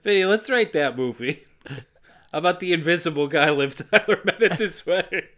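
A man co-hosting a podcast, retelling a movie's plot with profane jokes, frequent laughter and quick impressions of the characters. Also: on the high side, animated, fairly bright tone. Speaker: podcast co-host. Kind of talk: casual movie recap narration.

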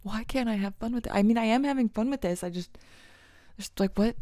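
A young woman hosts a casual solo podcast, rambling and poking fun at herself, laughing often and slipping into whispers. Her voice is a little high with a dark tone, and she talks briskly. The studio-quality recording has no echo.

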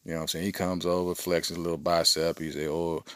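A man's voice: low voice, fast talker, no echo. A middle-aged man hosting a podcast, telling a rambling story in a casual, slangy way. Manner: animated, rambling, with slangy asides. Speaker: podcast host.

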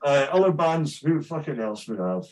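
A man's voice: on the high side, sing-song, normal speed, a little mellow. A Scottish man, a metal musician, chatting casually in a podcast interview, swearing freely and laughing often. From Scotland. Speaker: musician guest.

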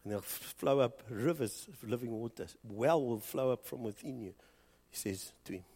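A man with a South African accent preaching a sermon, swinging from loud urging to hushed, low passages. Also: normal speed, breathy edge, long reverb tail. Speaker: pastor. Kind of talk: bilingual sermon.

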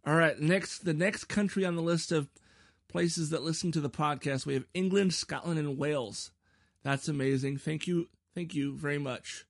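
Guy with a gravelly kinda high voice doing his solo podcast, rambly, trips over words, dry close mic. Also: normal speed, no room sound. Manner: rambling, self-deprecating, stumbles over words. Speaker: podcast host. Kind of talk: casual solo podcast chat.

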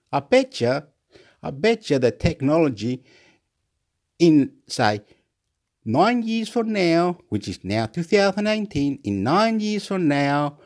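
Male vlogger, rambling excitable monologue, very animated pitch. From Australia. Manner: rambling, excitable, laughs at himself, shifts pitch a lot.

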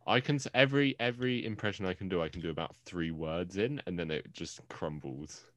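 A young man hosting a casual podcast chat, enthusiastic and quick to laugh. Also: deep voice, fairly bright tone, no echo. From England. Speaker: podcast host.

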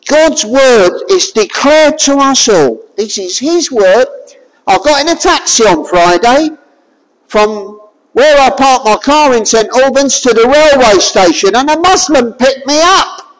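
A high, lively voice preaches a sermon at an unhurried pace. The delivery is forceful and full of rhetorical questions, now and then rising to a shout. The sound rings with the long reverb of a large hall. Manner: emphatic, fires rhetorical questions at listeners; forceful, raises voice to a shout at times.

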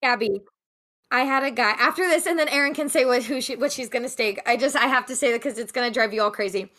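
A woman's voice: fairly high pitch, fast, pushed and bright. A young woman co-hosting a podcast, animatedly retelling a cafe encounter with quoted dialogue. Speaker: podcast co-host. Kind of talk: casual storytelling.

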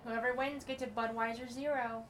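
A mother chatting casually with her family at home during a tabletop game, gently explaining rules to her child. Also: a little high, steady tone, brisk, a little hiss or hum.

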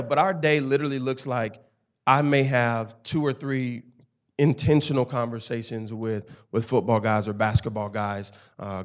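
A man in his thirties from Tennessee, a campus ministry director and chaplain, telling his personal testimony in conversation with emphatic, animated storytelling. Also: medium pitch.

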